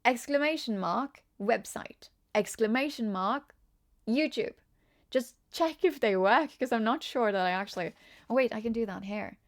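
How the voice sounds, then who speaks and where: This woman from Norway has a somewhat high voice, a moderate pace, and a Norwegian accent. Chatty and relaxed, she does a live-stream tarot reading, laughing frequently while she responds to the chat.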